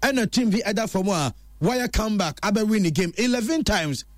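A man presenting a chatty football news roundup in an animated storytelling way. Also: sits high, moderate pace, no echo, clean studio sound.

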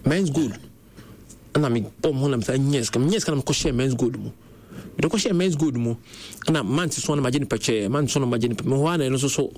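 A man's voice: medium pitch, quick pace. A young Ghanaian man with a Ghanaian accent, telling stories in a casual conversation and mixing Twi with English. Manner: animated, switching between Twi and English. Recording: faint background noise.

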